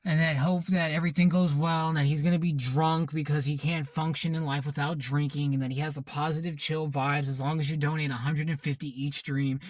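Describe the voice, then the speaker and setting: A man's voice: on the high side, level tone, fairly quick, hardly any pauses, no echo. Heated, profane male ranter. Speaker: commentary channel host. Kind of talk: ranting reaction commentary.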